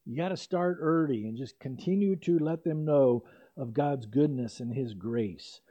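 A man's voice: mid-range voice, a little slow, warm tone. An older man preaching an expository sermon as pastor, in a conversational way with asides and self-corrections. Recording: dull lo-fi recording.

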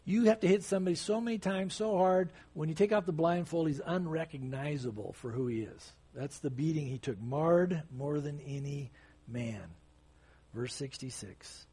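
A man preaching a sermon in a slightly husky, breathy voice that sits a little higher than most men's. His delivery is conversational but fervent, breaking into sudden emphatic bursts as he explains the passage. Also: moderate pace, warm tone. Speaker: pastor. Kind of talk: expository sermon.

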